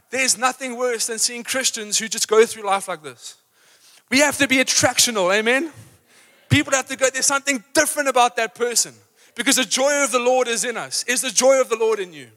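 Man, live sermon, energetic and rousing, bright high voice, church hall reverb. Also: fairly quick. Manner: energetic, rousing, acts out examples. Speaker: preacher. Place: church auditorium.

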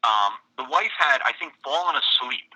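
A man's voice: medium pitch, lively intonation, normal speed, sharp tone, breathy edge, rough recording. A man in casual chat as a podcast co-host, a wry, grumbling complainer.

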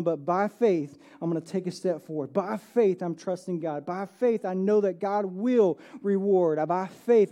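A pastor preaching a sermon in a church, earnest, often checking in with "right?", and swinging between loud emphatic bursts and soft, hushed phrases. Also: medium pitch. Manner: earnest, keeps asking "right?".

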